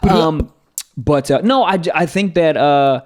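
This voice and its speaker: A man's voice: on the high side, normal speed. A man co-hosting a comedy podcast, chatting casually with crude jokes and frequent laughter. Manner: crude, excitable, laughs often.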